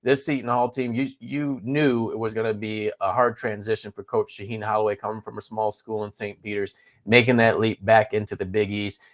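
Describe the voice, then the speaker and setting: A man giving sports betting picks, steady and analytical, running through lines and stats. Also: fairly low pitch, brisk, few pauses. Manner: steady, analytical, rattles off numbers.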